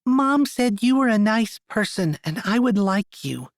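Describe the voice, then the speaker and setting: A man voicing a shy little girl who speaks softly and carefully in an audiobook. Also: sits high, lively intonation, measured pace, dry recording, studio quality, pitched above the performer's own voice. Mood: soft, earnest.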